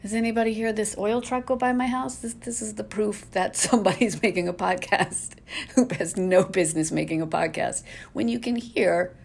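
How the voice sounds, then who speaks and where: A woman's voice: medium pitch, moderate pace, vocal fry. A woman hosting a casual solo podcast from home, ranting in an exasperated way with lots of rhetorical questions. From New England. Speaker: podcast host.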